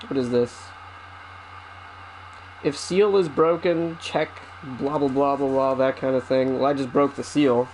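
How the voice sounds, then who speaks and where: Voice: mid-range voice, steady tone, a little slow, darkish tone, slight background noise, rough recording. A streamer chatting casually while opening a parcel, wry and self-mocking, with casual swearing. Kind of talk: casual unboxing chat.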